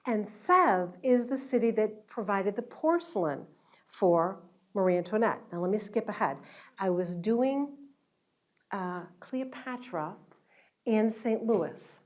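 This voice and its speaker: A woman, an educational entertainer, chatting and telling stories to an audience at an event after her show. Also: mid-range voice. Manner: chatty, warm storytelling with laughs. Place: event hall at a luncheon.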